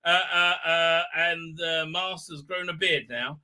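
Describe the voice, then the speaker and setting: Bright-voiced rambling live-stream host man. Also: a little high, steady tone, a little slow, clear, resonant tone. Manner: rambling, many filler ums and uhs, sardonic. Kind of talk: casual live review chat.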